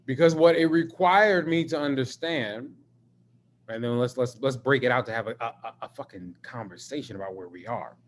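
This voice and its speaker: A man, an artist, talking in a live-streamed video conversation, an expressive and emphatic storyteller who swears freely. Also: medium pitch, moderate pace. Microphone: video call.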